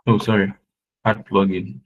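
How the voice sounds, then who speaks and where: A man's voice: lowish voice, little pitch movement, normal speed, phone-quality sound. A man teaching a live web design class, patiently repeating points and often checking that his students are following. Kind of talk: live screen-share tutorial.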